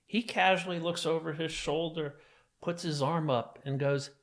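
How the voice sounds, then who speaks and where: A podcast guest in middle age, originally from New Jersey, describes a violent memory at a normal speed in a slightly high, steady-toned voice. The retelling is vivid, and he delivers it with intensity and emphasis.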